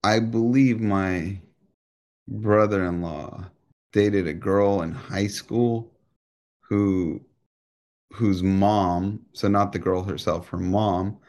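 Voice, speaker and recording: A man, co-hosting a podcast in a low voice. He rambles through loose, profane banter and stays joking throughout. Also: steady tone, takes it slowly, a little mellow. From United States. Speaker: podcast co-host.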